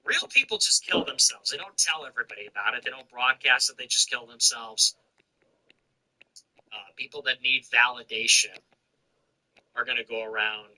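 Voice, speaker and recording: A man's voice: medium pitch, moderate pace, pauses often, pushed and bright, recorded from a distance, rough recording. Blunt, sardonic male stream host. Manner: blunt, sardonic, laughing asides. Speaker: livestream host. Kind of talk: casual livestream commentary.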